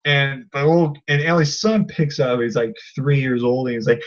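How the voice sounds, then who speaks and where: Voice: mid-range voice, moderate pace, highs cut off. A video reviewer in a casual vlog, ranting in an exasperated way with many fillers. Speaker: film reviewer.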